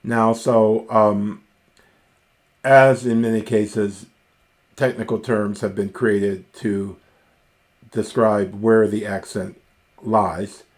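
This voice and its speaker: A man with a low voice teaches a recorded grammar lesson, taking his time. He sounds out Greek words one by one, carefully and slowly. Now and then he drops in a dry little joke. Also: level tone.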